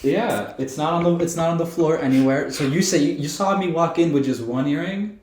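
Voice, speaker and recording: A man's voice: fairly high pitch, fairly quick, darkish tone, slight background noise. A young man co-hosting a podcast, joking around in casual chat at a friend's house. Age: young adult. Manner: goofy, playful banter. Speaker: podcast co-host. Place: co-host's house. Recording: echoey room.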